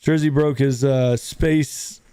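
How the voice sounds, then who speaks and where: A man hosting a live audio chat room, talking in a relaxed, rambling way, often saying "dude" and greeting listeners by name as they join. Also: medium pitch, slow. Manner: laid-back, rambling, says "dude" a lot. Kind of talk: casual chat.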